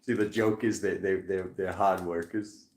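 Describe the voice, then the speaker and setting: A man's voice: low-pitched, steady tone, normal speed, a little mellow, roomy sound. A man with a Rhode Island accent giving a casual tarot reading, rambling and cracking jokes as he goes. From Rhode Island, USA. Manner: rambling, joking asides. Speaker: tarot reader.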